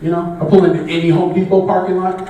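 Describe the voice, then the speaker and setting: A man's voice: high voice, level tone, fast, mellow, recorded from a distance, lo-fi sound. A man doing a loose, conversational stand-up comedy set, riffing with the crowd at a live show. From Bay Area. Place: live comedy show in a large echoey venue. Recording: very echoey venue audio picked up from afar, faint noise.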